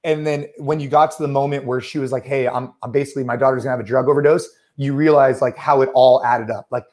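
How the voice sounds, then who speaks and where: A man's voice: medium pitch, fast talker. A man in his thirties co-hosting a podcast, telling a story casually with many fillers. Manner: animated storyteller, many fillers like "like" and "you know". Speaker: podcast co-host.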